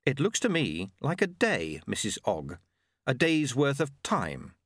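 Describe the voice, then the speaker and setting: A man voicing a calm, determined young woman who speaks in a measured, gently persistent way. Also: medium pitch, no echo, studio quality, pitched above the performer's own voice, exaggerated voice. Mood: probing.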